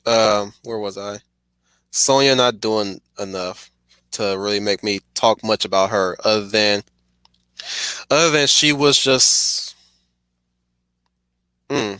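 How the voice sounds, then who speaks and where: A man's voice: fairly low pitch, slow pace, long pauses, bright, forceful tone, clear, resonant tone, no echo. A man streaming a casual, rambling film commentary, stuttering and restarting his sentences often.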